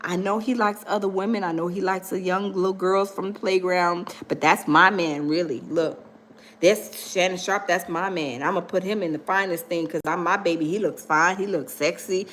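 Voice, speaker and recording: A woman voicing a fawning, smitten male stylist who coos and swoons in a lowered, breathy voice. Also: fairly even intonation, moderate pace, fairly bright tone, lightly acted. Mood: adoring.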